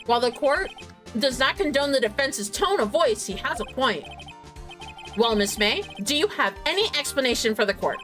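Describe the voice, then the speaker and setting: A woman's voice: high voice, animated, moderate pace, fairly bright tone, faint music behind. A woman voicing a stern, older male judge who speaks in formal rulings.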